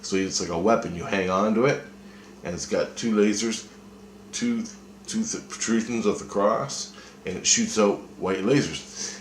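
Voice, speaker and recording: Low-voiced man rambling through a story. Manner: rambling, profane, restarts often. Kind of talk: casual dream retelling. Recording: echoey room, faint noise.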